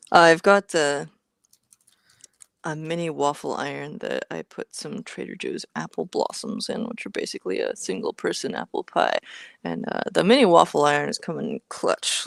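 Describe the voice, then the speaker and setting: A woman with a low, gravelly voice co-hosts a hardware stream in easy, playful chat. She thinks aloud and mutters to herself while she tinkers, tossing in slang. The recording is close and dry. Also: no room sound. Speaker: co-host of a live hardware build stream. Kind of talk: casual chat.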